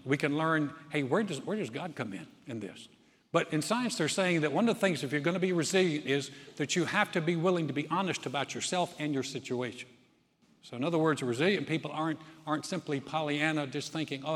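A male pastor from North Carolina delivers a sermon. He talks in a folksy, conversational way with a somewhat high voice. Long reverb from a large church hall carries every line. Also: a bit bright.

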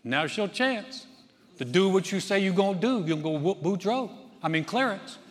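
A man voicing a sharp-tongued Cajun wife in a high, prodding put-on Cajun accent during a sermon story. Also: expressive, moderate pace. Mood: needling. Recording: long hall reverb.

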